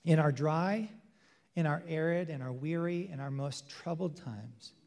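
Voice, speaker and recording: A male pastor preaching a sermon with emphasis, swinging between loud declarations and hushed, intimate passages. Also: on the high side, unhurried, gravelly. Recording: long hall reverb.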